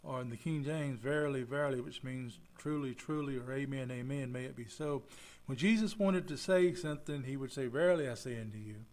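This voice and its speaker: A man's voice: mid-range voice, fairly quick, hardly any pauses, a little mellow. A man preaching a folksy sermon as pastor, acting out the people he quotes. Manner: folksy, acts out quoted voices.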